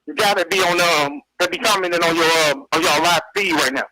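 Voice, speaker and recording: A man's voice: fairly high pitch, fairly even intonation, fairly quick, sharp tone, slight background noise, poor audio. Eager male radio caller.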